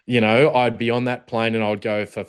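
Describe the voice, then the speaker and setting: A man's voice: mid-range voice, little pitch movement, moderate pace, clean tone. A man in his forties with an Australian accent, talking bluntly as a podcast guest and swearing freely. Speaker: podcast guest, former protection officer. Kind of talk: casual conversational interview.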